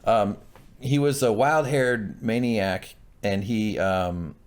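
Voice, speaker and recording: A man's voice: on the low side, slow pace. A young adult man co-hosting a casual TV recap, swearing and acting out characters in exaggerated voices. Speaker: co-host.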